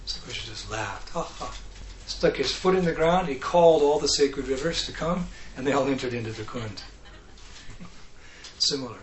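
A man gives a devotional talk in a medium-pitched voice. He tells stories with animation, putting on voices and laughing along the way. His voice carries in an echoey room with faint ambient noise. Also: normal speed. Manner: animated, acts out characters, laughs often. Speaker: speaker.

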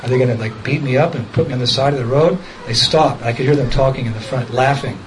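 A man telling a personal story in a casual, lively way, laughing as he goes and acting out other people's voices. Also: medium pitch, quick pace, a little hiss or hum, rough recording. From United States.

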